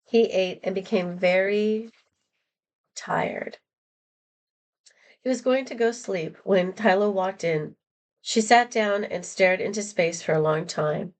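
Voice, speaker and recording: A woman reading a novel chapter aloud in a plain, steady manner, sometimes correcting herself. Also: medium pitch, takes it slowly, long pauses. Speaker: narrator.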